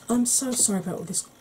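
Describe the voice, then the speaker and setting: A woman explaining her makeup steps in a soft, chatty ASMR tutorial, often clearing her throat. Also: a little high, slight background noise, rough recording. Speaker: beauty vlogger.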